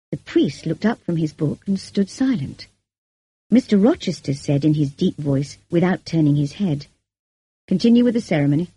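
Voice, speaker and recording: A woman reads an audiobook in a measured, even manner. Her voice sits low and sounds mellow and a touch husky. The recording is close and completely dry. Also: no room sound. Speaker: narrator. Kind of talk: audiobook reading.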